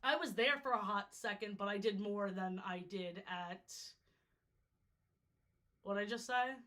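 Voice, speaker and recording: Her mid-range voice is bright and forceful, if slightly worn out, and she speaks unhurriedly. She's a young New Yorker ranking water parks on a livestream, chatting casually, cracking jokes, and getting sidetracked.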